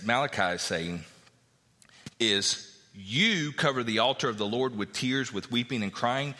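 A man's voice: lowish voice, pushed and bright, big-room sound. A male pastor preaching a sermon, reading verses aloud and explaining them in a conversational way.

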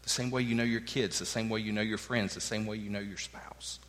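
A man's voice: on the low side, steady tone, a little fast, fairly bright tone, in a large hall. A man preaching a sermon, emphatic and earnest, acting out the words of the people in his text. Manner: emphatic preaching, acts out quoted lines. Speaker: pastor.

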